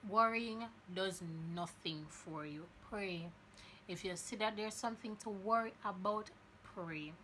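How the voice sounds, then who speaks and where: A woman's voice: medium pitch, bright, forceful tone, slight background noise. A young woman hosting a podcast, talking earnestly and encouragingly and telling a story with frequent restarts. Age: young adult. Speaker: podcast host. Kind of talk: casual podcast monologue.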